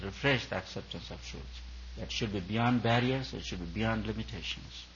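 A man's voice: on the low side, a little hiss or hum. A man preaching a sermon to a retreat audience as a spiritual teacher, speaking in emphatic, repetitive phrases. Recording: dull lo-fi recording.

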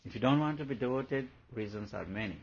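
Husky man giving a spiritual talk. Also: medium pitch, expressive, fast. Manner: probing rhetorical questions, playful anecdotes. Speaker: spiritual teacher. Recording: dull lo-fi recording.

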